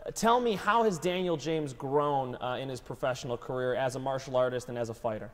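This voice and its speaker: A man's voice: medium pitch, fairly quick. Upbeat interviewer man in a hall. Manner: enthusiastic, complimentary. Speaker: MMA color commentator and interviewer. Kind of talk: interview questions. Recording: hall reverb.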